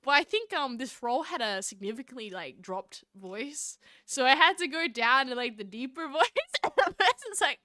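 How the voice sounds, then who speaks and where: A woman's voice: high voice, big pitch swings, normal speed, few pauses, bright, forceful tone, dry recording, clean studio sound. A young woman streaming a game live, chatting and giggling with her chat between read-aloud lines.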